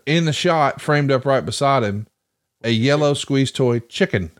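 A man's voice: mid-range voice, lively intonation, unhurried. Guy cohosting a podcast, wry rambling stories, regular mid voice. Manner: long wry storytelling asides. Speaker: podcast co-host. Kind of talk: casual chat.

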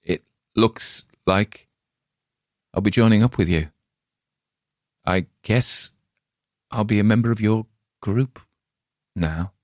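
A badly hurt man, frightened and accusing, his voice pushed up high and strained as he pleads and panics, put on by a male storyteller. The recording is close and dry, with no room sound. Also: slow pace, long pauses, no echo. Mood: resigned.

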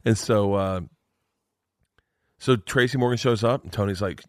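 A male comedian telling an animated, profane story in a podcast conversation. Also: on the low side, measured pace, no room sound, clean studio sound. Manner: animated, swearing, acts out voices.

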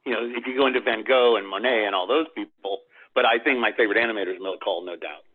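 Over a tinny phone line, a man who works in animation fields questions as a guest in a relaxed interview, hesitating with ums and chuckling easily. The animation director talks fast in a fairly low, slightly rough voice.

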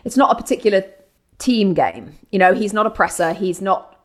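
An English woman in her forties gives strong opinions in a relaxed interview. She talks with lively conviction and drops quick, playful asides. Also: medium pitch. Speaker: guest, football TV presenter. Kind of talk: casual interview chat.

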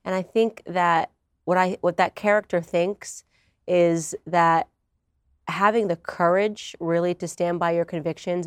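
A woman's voice: fairly low pitch, dry recording, studio quality. A young woman telling her personal story in an earnest conversational interview. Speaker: guest.

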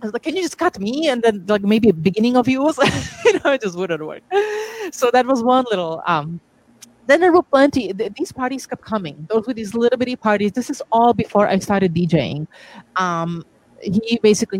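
A woman's voice: mid-range voice, fairly quick, low-quality recording. A woman guest DJ telling stories in a casual interview, acting out quoted dialogue with lots of restarts. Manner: animated, acts out quoted dialogue, frequent restarts and laughs. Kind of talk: casual anecdotal storytelling.

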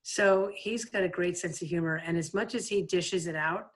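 A woman's voice: fairly low pitch, normal speed. A woman in her fifties, a former player and coach, telling stories in a casual interview, full of "like" and "you know". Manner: lively anecdotal, frequent "like" and "you know".

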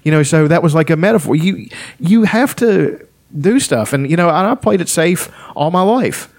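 A man's voice: fairly high pitch, expressive, normal speed. A man in a casual podcast chat who asks questions and cheers the other speakers on.

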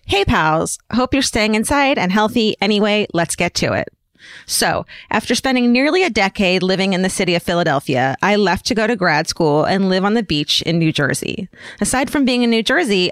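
A woman co-hosting a podcast, reading a listener's letter aloud with animated storytelling. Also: mid-range voice, no echo. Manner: animated storytelling, lively delivery. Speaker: podcast co-host.

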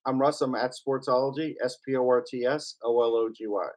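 A man co-hosting a hockey podcast who chats in a relaxed, agreeable way. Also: mid-range voice, fairly quick. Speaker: podcast co-host. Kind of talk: casual hockey podcast chat.

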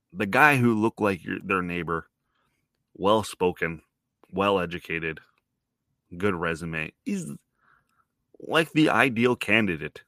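A man's voice: on the low side, fairly bright tone, dry recording, clean studio sound. A man from Toronto in his thirties hosting a podcast, rambling through a wry, self-deprecating monologue and swearing casually. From Toronto, Canada. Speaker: podcast host.

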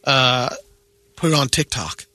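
A man's voice: mid-range voice, bright, forceful tone, no echo. A man co-hosting a morning radio show, reading quirky news items in casual banter. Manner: brisk news-item delivery.

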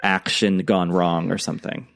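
A man with a low, gravelly voice co-hosts a podcast in easygoing chat. He pauses and restarts often as he works through his thoughts aloud. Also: level tone, a bit bright. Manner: hesitant, full of ums and self-corrections. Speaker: podcast co-host. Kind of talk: casual chat.

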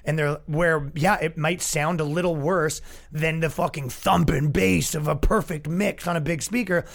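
A man who is a comedian and podcast host, ranting casually with lots of swearing and a yelling tone. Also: on the high side, moderate pace, vocal fry. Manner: profane, animated, with a yelling tone.

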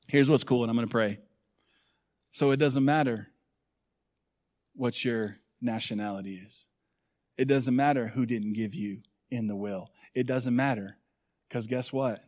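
A middle-aged man preaching a sermon as pastor, swinging from hushed, intimate lows to loud rousing calls to the congregation. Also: a little slow, pauses often.

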